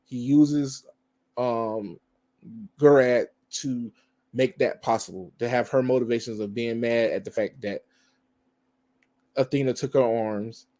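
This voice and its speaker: Chatty guy reviewing a film, rambling and loose, mid-pitched voice. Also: dark tone. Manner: rambling, conversational, frequent laughs and fillers. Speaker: movie reviewer. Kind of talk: casual spoiler review.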